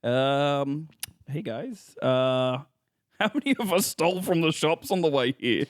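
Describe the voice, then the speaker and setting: A playful man runs a comedy podcast with a mock-serious air. His voice sits a little high, recorded close in a dry room. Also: animated, slow, no room sound. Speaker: podcast host. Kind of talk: improvised comedy chat.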